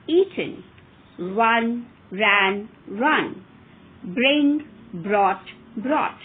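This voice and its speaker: A woman teaching English verb forms in a careful, deliberate way, stressing each example word. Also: fairly high pitch. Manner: clear, careful enunciation with rising emphasis on examples. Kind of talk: slow, deliberate grammar lesson. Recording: phone-like narrow audio with faint hiss.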